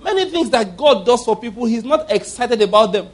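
A man's voice: extremely high pitch, lively intonation, a little fast. A middle-aged man preaching a sermon, telling stories with emphatic repetition. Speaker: pastor.

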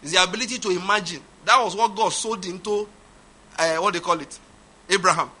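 A man preaching a sermon, emphatic, swinging from loud declarations to quiet asides. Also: high voice, fairly quick. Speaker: pastor.

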